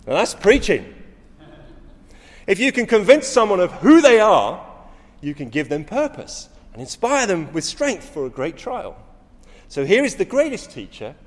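A man's voice: high voice, in a large hall. A middle-aged man preaching a sermon, telling stories with rising emphasis and frequent restarts.

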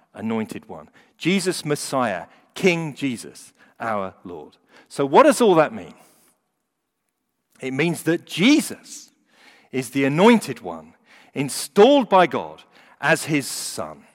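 A man delivers a sermon in a slightly high voice that swings widely in pitch. He rises and falls in volume to stress key points. His voice carries a long reverb, as from a large hall. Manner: animated, rising and falling for emphasis. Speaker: preacher.

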